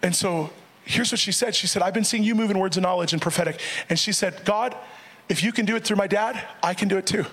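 Speaking quickly in a high voice, this middle-aged male pastor delivers an animated sermon built around a story. He keeps breaking into laughter and voices the people he quotes loudly.

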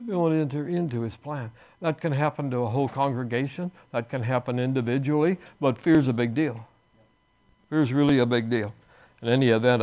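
Male pastor, mid-pitched, earnest sermon delivery with emphatic bursts, in church. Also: a little mellow. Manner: earnest preaching with restarts, rising to emphatic bursts.

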